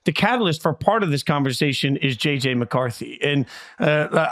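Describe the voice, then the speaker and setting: Man hosting sports talk, slightly high voice, joking, rambling, casual. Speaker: host.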